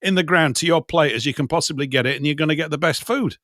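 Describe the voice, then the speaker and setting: Enthusiastic man, rather high voice. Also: fast talker, dry recording, studio quality. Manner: enthusiastic, animated storytelling. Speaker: guest. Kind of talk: casual chat.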